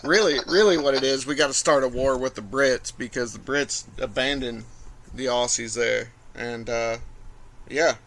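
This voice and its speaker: A man's voice: mid-range voice, moderate pace, a bit bright. A man hosting a podcast, joking around and laughing often in casual chat. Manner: jokey, laughs a lot. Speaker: podcast host.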